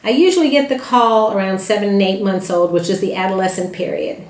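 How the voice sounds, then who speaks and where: A woman's voice: medium pitch, a little fast, darkish tone, roomy sound. A woman who trains dogs, giving plainspoken advice to puppy owners with frequent "uh" fillers and restarts. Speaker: dog trainer and breeder. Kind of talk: informal talk to puppy owners.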